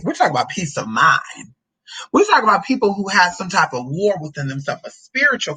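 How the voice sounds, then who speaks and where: A woman's voice: mid-range voice, very animated, quick pace, sharp tone, slightly rough, rough recording. A woman talking casually to her viewers in a sassy, profane way, stopping to read scripture aloud. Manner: sassy, profane, chatty, drawls "honey" and "girl". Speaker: spiritual reader answering a viewer's question. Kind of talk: casual vlog with scripture reading.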